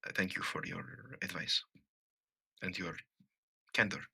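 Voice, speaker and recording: A man voicing a hesitant young woman adventurer with a dark soul who speaks formally and stumbles over her words. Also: sits low, little pitch movement, slightly rough, exaggerated voice. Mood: wry. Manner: halting and formal, many stumbles.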